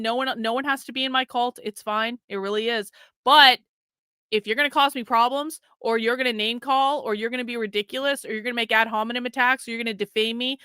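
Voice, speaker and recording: Woman streamer, bright, dry close sound, blunt and profane commentary. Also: fairly high pitch, clean tone, dry recording. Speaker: livestream host. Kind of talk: casual livestream commentary.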